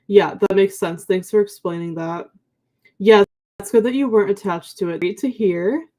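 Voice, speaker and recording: Young woman, mellow, sleepy morning voice, chatty, lots of ums, casual livestream. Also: mid-range voice, normal speed. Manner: chatty, many ums and likes, warm thanks to viewers. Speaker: book livestream co-host. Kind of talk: casual livestream chat reading viewer comments.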